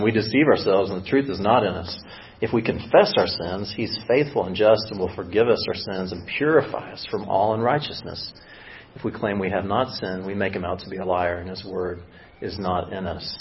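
A man with a fairly low voice preaches a sermon as if telling stories to friends, pausing on ums and restarting his sentences. The sound is dull and lo-fi. A faint hiss runs underneath. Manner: conversational storytelling with frequent fillers. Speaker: pastor. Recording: dull lo-fi audio with faint background noise.

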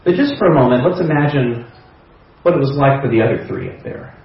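A man's voice: medium pitch, expressive, a little fast, creaky. A man preaching a sermon, retelling a story conversationally with imagined dialogue. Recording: echoey hall, distant mic, dull sound.

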